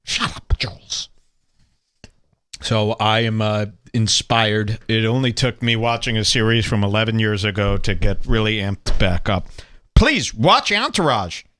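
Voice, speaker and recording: A man's voice: fairly low pitch, animated, unhurried, fairly bright tone. A man hosting a podcast in casual comedic chat, sarcastic and profane with a mock-tough manner. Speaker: podcast host.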